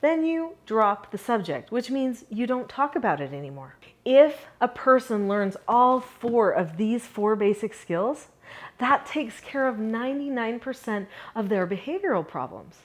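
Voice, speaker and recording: A middle-aged woman teaching a parenting lesson to camera, upbeat and moving between animated and calm delivery. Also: a little high, measured pace. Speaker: parenting educator.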